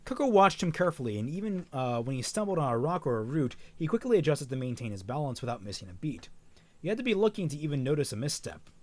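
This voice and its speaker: A man's voice: on the high side, sing-song, fast talker. A man reading a fan story aloud on a stream, correcting himself often and dropping casual, profane asides.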